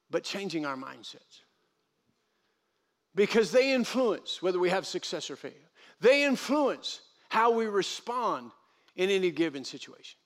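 A pastor with a high, light voice preaches a sermon at a church service. He is animated and acts out the voices of the people he quotes, and he repeats key phrases to drive them home.

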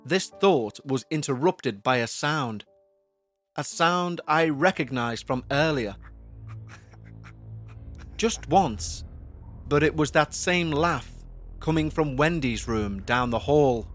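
A man narrating a scripted horror story in a slow, measured, tense way. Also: a little high, expressive, fairly bright tone. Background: faint background music.

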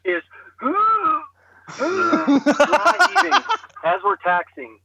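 A man telling a story in casual podcast chat, animated and self-deprecating, often laughing at himself, heard over a phone call. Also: on the high side, normal speed, slight background noise. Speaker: guest storyteller. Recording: slightly muffled phone line.

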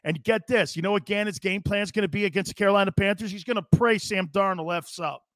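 A man's voice: sits high, quick pace, fairly bright tone, dry recording, studio quality. A man hosting a live football talk show, blunt and sarcastic, mocking coach-speak and swearing casually. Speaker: sports talk show host. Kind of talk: live sports talk monologue.

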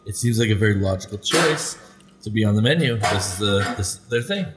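A man's voice: on the low side, animated, fairly quick. A man in casual food-review chat with friends, laid-back and self-deprecating. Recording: faint background noise.

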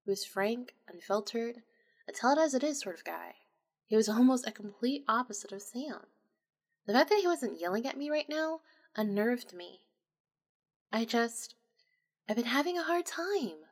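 A woman's voice: on the high side, lively intonation, normal speed, pauses often. A woman narrating a supernatural story in the first person, in an intimate, emotional, confessional way.

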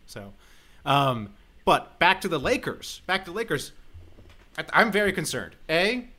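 A man's voice: a little high, big pitch swings, measured pace, bright, forceful tone. A man co-hosting a basketball podcast, giving firm opinions in casual chat and laughing often. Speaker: podcast co-host.

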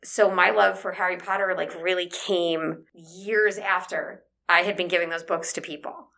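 A woman's voice: lowish voice, steady tone, normal speed, vocal fry, sharp tone. A woman who works as a children's librarian, talking frankly and casually on a podcast.

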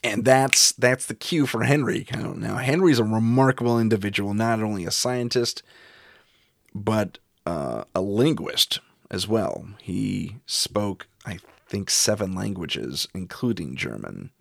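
A man's voice: lowish voice, lively intonation, measured pace, gravelly, no room sound, clean studio sound. A middle-aged man, a paranormal investigator, recounting a ghost investigation in a wry, chuckling way.

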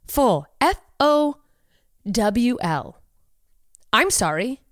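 A woman's voice: a little high, dry recording, clean studio sound. A woman hosting a podcast in casual comedic chat, profane and sarcastic, often laughing in disbelief. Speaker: podcast host.

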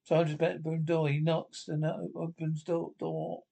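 A man reading aloud the stage directions of an old radio script, haltingly and with restarts. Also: a little high, monotone, creaky, mellow. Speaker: reader.

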